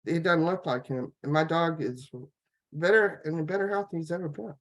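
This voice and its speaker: A woman on a laptop video call, telling her personal health story in a rambling, halting way, full of fillers and restarts. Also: low voice. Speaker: guest sharing a health testimonial. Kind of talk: casual personal testimony.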